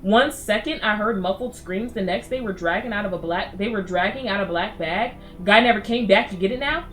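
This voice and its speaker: A woman's voice: medium pitch, brisk, a bit bright, faint music behind, natural voice. A woman voicing a wounded man who fled after being shot, scared, bitter and urgent. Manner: pained, urgent and conspiratorial.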